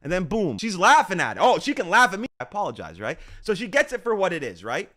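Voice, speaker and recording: Young streamer guy ranting fast, bright high voice, lots of swearing, up and down. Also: big pitch swings. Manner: heated and profane, quoting others. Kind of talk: defensive rant in a played clip.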